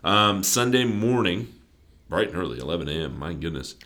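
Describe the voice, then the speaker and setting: A man's voice: deep voice, very animated, fairly bright tone. A man co-hosting casual sports chat, joking as he makes his picks. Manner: joking, quick, playful. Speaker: co-host of a sports podcast.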